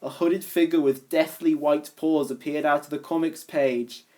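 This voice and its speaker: A woman's voice: low voice, steady tone, moderate pace, a little mellow, lightly acted. Cartoon rat crime boss, male, blustery and jumpy, read by a woman. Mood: panicked.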